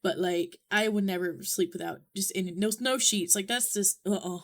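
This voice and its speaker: A woman's voice: mid-range voice, moderate pace, a bit bright. A young woman chatting casually and swearing as she reacts, filling her talk with "like". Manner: chatty, swears a lot, heavy use of "like". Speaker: VTuber reaction streamer.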